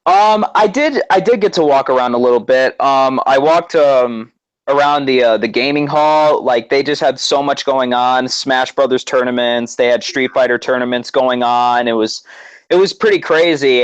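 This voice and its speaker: A man excitedly recounting a story in casual chat, with many fillers and restarts. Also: mid-range voice, smooth, rough recording. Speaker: guest co-host.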